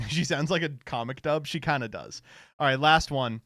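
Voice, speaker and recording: A man's voice: on the high side, moderate pace, fairly bright tone, dry recording, studio quality. A man hosting a stream, commenting on clips in a sarcastic, rambling casual chat. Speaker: streamer host.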